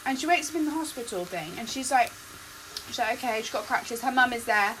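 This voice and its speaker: High-voiced young woman rambling. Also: expressive, fairly quick. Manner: rambling, lots of "like" and restarts. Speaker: podcast co-host. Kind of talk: casual storytelling chat. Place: home kitchen, cooking. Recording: kitchen noise, frying sizzle.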